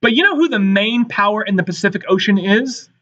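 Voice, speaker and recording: A man's voice: high voice, lively intonation, brisk, a bit bright. A man teaching a history lesson, talking emphatically to his students, often checking in with "all right" and "guys". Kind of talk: recorded classroom lecture. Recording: dull lo-fi recording.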